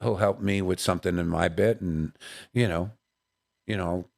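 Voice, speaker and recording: A low-voiced comedian with vocal fry, guesting in a podcast studio, tells anecdotes at a moderate pace. His delivery is animated as he voices the people in his stories, with "you know what I mean" coming up often.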